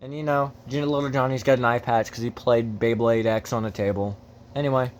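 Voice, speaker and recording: A man's voice: medium pitch, fairly even intonation, fairly quick. A man hosting a casual unboxing video, rambling and joking as he goes off on tangents, with the odd swear word. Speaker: host.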